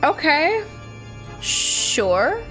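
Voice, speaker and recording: A woman's voice: high voice, big pitch swings, drawn-out words. A woman streaming a video game, reading its dialogue aloud and chatting casually, swearing when frustrated. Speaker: let's play streamer. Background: video game music.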